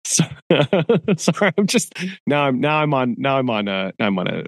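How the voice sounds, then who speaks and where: A man's voice: mid-range voice, big pitch swings, moderate pace, dry recording. A man co-hosting a casual podcast chat, giggly and rambling, laughing often. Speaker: podcast co-host.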